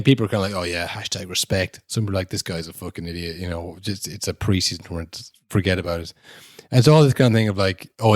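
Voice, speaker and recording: A man co-hosting a football podcast in casual chat, swearing freely and acting out quotes in loud mocking voices. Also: deep voice, dry recording, clean studio sound. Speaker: podcast co-host. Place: podcast studio.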